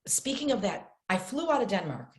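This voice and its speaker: A middle-aged woman from upstate New York, an actress telling stories as a podcast guest in a lively way, often acting out the voices of the people she quotes. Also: a little high, a little fast. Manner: lively, acts out quoted voices, repeats words for emphasis. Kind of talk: animated storytelling in conversation. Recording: roomy echo.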